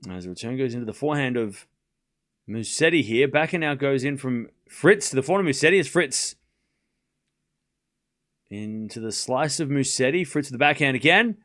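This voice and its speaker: A man with a non-native English accent calls tennis live on his watchalong stream, commenting on each rally in short bursts and mixing in chat replies. His mid-range voice moves at a normal speed with frequent pauses and jumps up sharply with animation when a big point lands. He comes across as a casual streamer rather than a broadcast booth.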